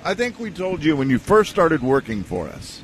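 A man's voice: on the high side, very animated, normal speed. A man co-hosting a radio show, chatting with dry humor in casual banter.

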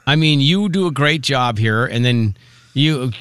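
A man's voice: mid-range voice, expressive, unhurried, a bit bright, clear, resonant tone, no echo, clean studio sound. A man hosting a radio show, joking with his co-hosts and talking casually, restarting his sentences when he turns serious. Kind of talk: casual morning radio banter.

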